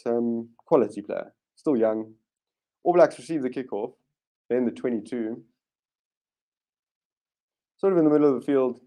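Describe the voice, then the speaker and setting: A man hosting a live rugby watchalong, giving excitable play-by-play commentary with sudden bursts of enthusiasm and frequent restarts. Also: medium pitch. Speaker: watchalong host.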